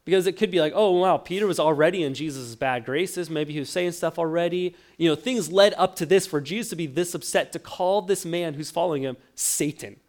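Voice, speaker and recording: Animated man preaching a sermon. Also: on the high side, brisk, few pauses. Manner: animated storytelling, acts out quoted lines, stammers restarts. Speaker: pastor.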